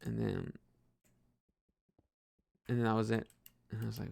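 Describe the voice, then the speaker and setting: A man's voice: lowish voice, little pitch movement, a little slow, vocal fry, darkish tone, no echo. A young man rambling hesitantly about his life while gaming, full of fillers and restarts, swearing casually. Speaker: podcaster.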